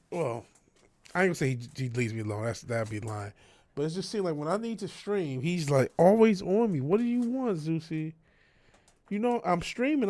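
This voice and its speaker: A man's voice: fairly high pitch, a little mellow, dry recording. A man livestreaming from his home music studio, chatting casually with plenty of slang and swearing, sometimes talking to his dog. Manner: laid-back, slangy, swears often; coaxing and scolding his dog. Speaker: music producer streaming live.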